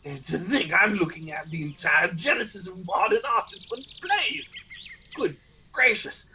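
A man's voice: high-pitched, big pitch swings, moderate pace, bright, forceful tone, slight background noise, rough recording. A man playing a pompous, flustered old-fashioned journalist in an improvised comedy sketch.

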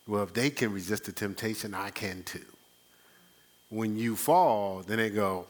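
A man pastor teaching a conversational sermon, animated, acting out quoted exchanges with a rising voice and chuckling between points. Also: on the low side. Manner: frequent fillers and restarts, chuckles.

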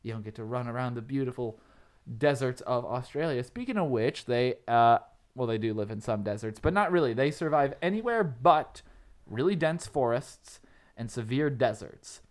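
A man co-hosting a casual podcast in a loose, joking way. He rambles through facts and tangents, often breaking into giggles. His voice sits at a middling pitch. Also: expressive, moderate pace. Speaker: podcast co-host. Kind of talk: casual comedic chat.

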